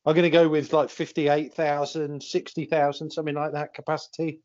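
A man's voice: on the high side, flat delivery, a little fast, darkish tone, no room sound. A man on a casual podcast, making hesitant quiz guesses that trail off into mumbles. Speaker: podcast co-host, quiz contestant. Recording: dull lo-fi dry audio.

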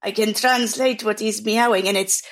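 A woman playing a tabletop game in character, speaking hesitantly and haltingly. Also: medium pitch, steady tone. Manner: hesitant, faltering. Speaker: player.

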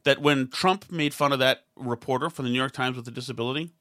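Rambling opinion-show commentator, sarcastic, bright tone. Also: medium pitch, quick pace. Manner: rambling, sarcastic, mimics others in quotes; frequent restarts and asides.

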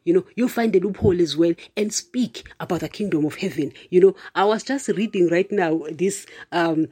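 A preacher talks to online viewers in a loose, conversational way rather than a formal sermon. The speaker keeps turning to the listeners with "you know" and "guys", laughs often, and punches points with emphatic asides. The voice sits at a middle pitch. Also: moderate pace, mellow, slightly rough. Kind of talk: casual spoken preaching to viewers.

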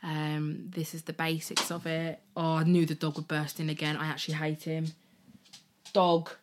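A young woman hosting a podcast, chatting casually and at times softly and emotionally about her own experience, with many fillers. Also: sits low, level tone, normal speed, background noise. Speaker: podcast host. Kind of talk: casual personal storytelling.

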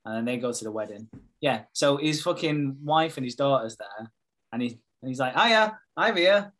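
A man chatting casually as a podcast co-host, recapping a TV episode with lots of swearing and quick impressions of the characters. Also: medium pitch.

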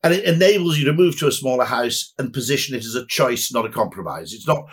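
A man's voice: medium pitch, expressive, fast talker, hardly any pauses, husky. A man as a podcast guest, talking in a rambling, anecdotal way with dry asides. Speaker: guest, advertising executive. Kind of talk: conversational podcast interview.

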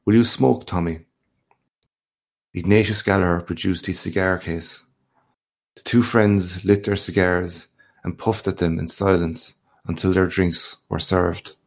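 Deep gravelly storyteller. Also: male voice, little pitch movement, measured pace. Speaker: reader. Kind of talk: scripted narration.

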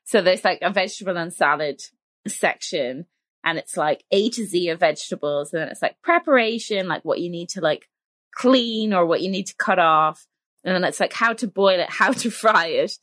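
A woman's voice: on the low side, normal speed, fairly bright tone, dry recording. A woman co-hosting a cookbook podcast, chatting casually and laughing often. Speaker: podcast co-host. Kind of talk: casual chat.

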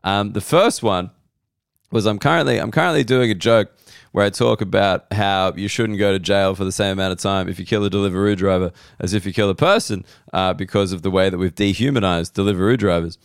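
A man's voice: sits low, brisk, smooth, no echo, clean studio sound. An Australian man, a comedian, telling rambling comic stories on a podcast, wry and sweary with frequent restarts.

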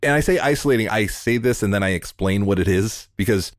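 A man hosting a podcast interview over a remote call, talking in an earnest, heartfelt way and in quick bursts. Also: fairly low pitch, no echo, studio quality. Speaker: podcast host. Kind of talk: emotional interview conversation.

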